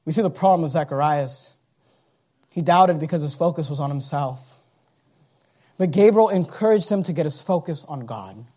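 A male preacher giving a sermon, dramatic and swinging between loud declarations and hushed asides. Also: fairly high pitch, lively intonation, normal speed, pauses often.

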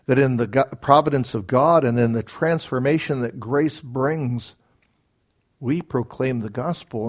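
A man's voice: mid-range voice, darkish tone. A man preaching a sermon as pastor, earnest and building to emphatic peaks, with casual asides. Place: church.

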